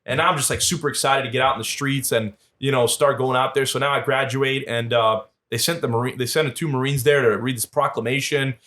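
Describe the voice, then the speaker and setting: New guy in his 30s on a podcast, talks fast, acts out everyone in his stories. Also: mid-range voice. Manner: animated storyteller, acts out quoted voices. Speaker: podcast guest. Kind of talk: casual storytelling interview.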